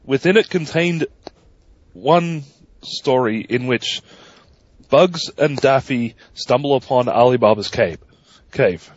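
A man co-hosting a podcast, telling stories in an animated, profane way. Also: mid-range voice, slow pace, pauses often, no echo. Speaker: podcast co-host. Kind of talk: casual podcast chat. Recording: dry, dull lo-fi mic.

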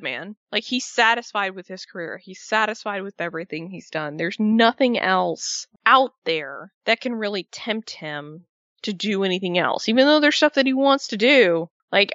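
A woman chatting casually as a wrestling podcast co-host, emotional and animated, with a swear here and there. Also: medium pitch, dry recording. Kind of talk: casual fan chat. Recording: dull lo-fi sound.

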